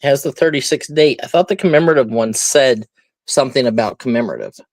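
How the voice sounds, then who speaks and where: A man's voice: mid-range voice, quick pace, no room sound. A man hosting a live online auction, chatting casually and explaining each item as he shows it. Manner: chatty, rambling, explains items as he shows them. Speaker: auction host. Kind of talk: live stream auction patter.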